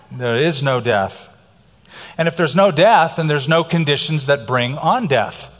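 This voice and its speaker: A man's voice: a little high, unhurried. Preaching man in a reverberant hall. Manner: emphatic preaching, varies pace for effect. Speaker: pastor. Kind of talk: sermon.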